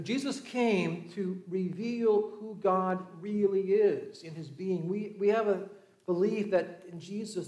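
A man's voice: high-pitched, echoey room. A man from Southern California preaching a sermon, telling stories and acting out the voices of the people in them. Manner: storytelling, acting out voices, shifts from lively to hushed. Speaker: pastor.

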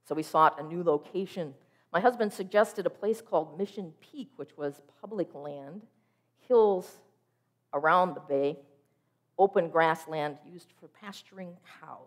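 A woman preacher delivering a sermon, telling a personal story in a vivid, expressive way. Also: fairly low pitch, a little slow.

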